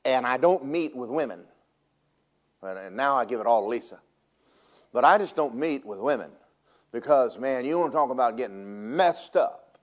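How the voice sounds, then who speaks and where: A man preaching from the pulpit, swinging from booming declarations to hushed, confiding asides. He tells humorous stories and chuckles at his own jokes, his voice rising and dropping as he goes. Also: normal speed, pauses often. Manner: animated, shifts from loud preaching to hushed asides. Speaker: pastor. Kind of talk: sermon.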